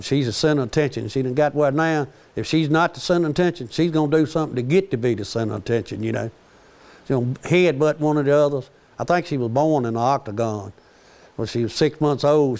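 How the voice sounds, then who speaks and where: A man's voice: medium pitch, darkish tone. An older man, telling rambling, joking stories about his family. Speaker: storyteller. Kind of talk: casual storytelling.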